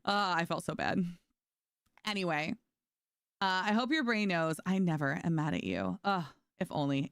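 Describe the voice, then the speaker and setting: A woman's voice: medium pitch, moderate pace, fairly bright tone, clean tone, dry recording, clean studio sound. A woman from New York streaming a game, reading chat aloud and answering it in a chatty, sarcastic way. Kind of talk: casual chat with stream chat while gaming.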